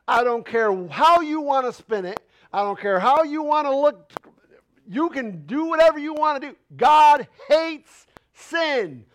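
With a high voice, a male pastor gives a fervent sermon in a church sanctuary. His folksy, casual phrasing carries rhetorical questions that climb into loud, emphatic proclamations.

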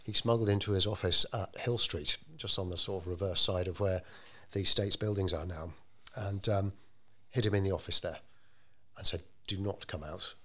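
A man telling a story in an interview, measured and unhurried, with frequent ums and restarts. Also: deep voice, steady tone, bright, forceful tone. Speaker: interviewee telling local history. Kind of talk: conversational storytelling.

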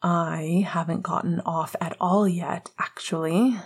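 A teasing, playful young man, voiced by a woman reader, his lines coming soft and half-whispered. The voice sits low and breathy, with a husky grain. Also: fairly even intonation, takes it slowly, full character voice.

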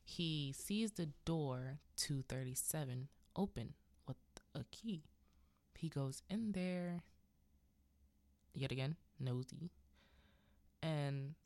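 A woman with a lowish voice hosts a casual film-recap podcast. She tells the story in an unhurried, chatty way with lively asides. The sound is dry and close to the mic. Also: no room sound. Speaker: podcast host.

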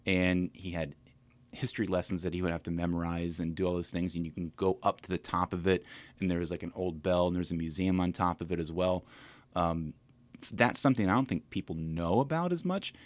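A middle-aged man with a very low, deep voice co-hosts a casual local podcast. He talks in a loose, friendly way, full of ums and restarts. The sound is close and dry, with no room echo. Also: brisk. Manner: chatty, hesitant with restarts and ums. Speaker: podcast co-host. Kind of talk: casual chat.

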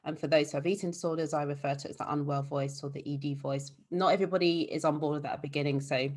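A woman's voice: low-pitched, fairly even intonation, very fast. A woman therapist for eating disorders, talking in a casual, explanatory way in an interview. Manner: warm, explanatory, fillers like "like" and "you know".

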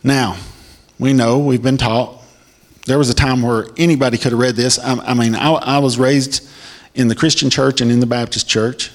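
A male preacher works through scripture verse by verse and explains it in an emphatic sermon style. His voice sits at an ordinary middle pitch but jumps upward when he gets fired up, sometimes into a shout. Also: normal speed. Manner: emphatic, pitch swings high when excited. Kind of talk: sermon reading scripture with commentary.

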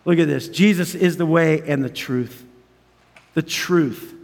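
High-voiced preacher man in a hall. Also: measured pace, creaky. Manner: emphatic, swinging from loud urgency to hushed intimacy; chuckles between phrases. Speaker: pastor. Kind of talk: sermon. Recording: long reverb of a large hall.

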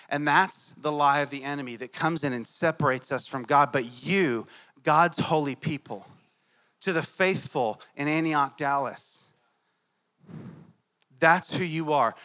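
Bright-voiced conversational male preacher. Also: high-pitched. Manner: conversational, tells family stories. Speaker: pastor. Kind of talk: sermon.

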